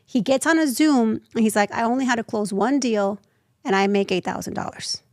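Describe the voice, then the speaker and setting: A woman in her thirties, a nonprofit founder telling her story as an interview guest, lively and acting out the voices she quotes. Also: fairly high pitch, fairly quick, no room sound, clean studio sound. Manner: animated, acts out quoted voices.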